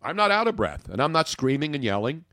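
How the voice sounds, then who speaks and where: A man hosting a sports talk podcast, opinionated and jokey, swinging from loud bursts to low muttering. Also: sing-song, quick pace, no echo, studio quality.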